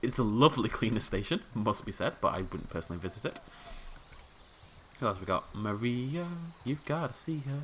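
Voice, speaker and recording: A man's voice: lowish voice, animated, moderate pace, a little hiss or hum. A man hosting a video game let's play, giving casual, playful commentary and chatting to the characters on screen.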